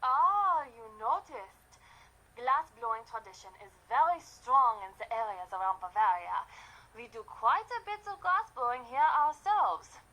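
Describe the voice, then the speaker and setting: A woman's voice: fairly high pitch, big pitch swings, a little slow, sharp tone, full character voice, poor audio. An actress with a German accent playing a polite, formal female castle steward in a mystery game. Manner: courteous, formal, slightly apologetic.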